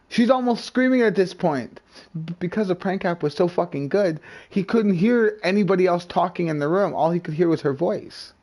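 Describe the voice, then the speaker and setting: A man telling a rambling, profane story in casual chat, animated and acting out what others said. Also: high voice. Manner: animated, profane, acts out quoted voices. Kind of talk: casual storytelling while gaming.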